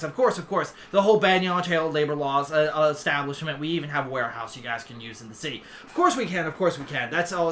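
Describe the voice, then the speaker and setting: A man's voice: fairly high pitch, sharp tone, slight background noise. King Sideshow, a man doing a babbling two-headed dragon king. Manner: babbles "yes, yes" over and over, heads bicker.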